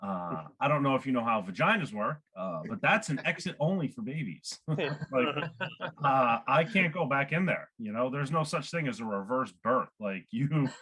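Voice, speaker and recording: A man doing a stand-up set at an online open mic, animated and laughing at his own jokes. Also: mid-range voice, normal speed, husky. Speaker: stand-up comedian.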